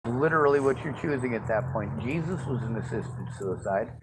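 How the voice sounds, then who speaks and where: A man's voice: medium pitch, animated, fairly quick. A man in casual talk outdoors, explaining history and cracking wry jokes. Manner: lecturing, wry, joking. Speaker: conversation participant. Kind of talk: casual chat. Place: outdoors near a street. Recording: noisy outdoor recording with traffic.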